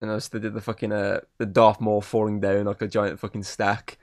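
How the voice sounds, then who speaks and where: Casual male podcast host, low-pitched, swearing, rambly recap, dry sound. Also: monotone, fairly quick, no room sound. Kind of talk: casual film review chat. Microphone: podcast mic.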